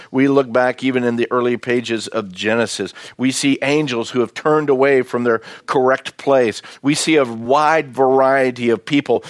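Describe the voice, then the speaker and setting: A man's voice: medium pitch, no echo. Male pastor, folksy conversational sermon, dry close sound. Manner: folksy, conversational preaching with asides to the congregation.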